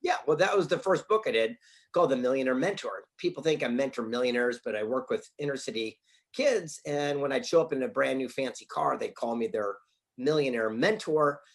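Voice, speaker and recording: A man's voice: medium pitch, expressive, fairly quick. A middle-aged man speaking as a guest author, telling stories with energy and often repeating words as he starts a thought. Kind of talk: casual interview chat.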